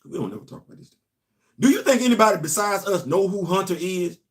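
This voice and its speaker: A middle-aged man hosts a casual comics talk, speaking straight to his viewers. His voice sits a little high, and he often builds into loud, animated outbursts. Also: quick pace. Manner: animated, talks straight to the audience, rising to loud exclamations. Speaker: host of a comics commentary channel.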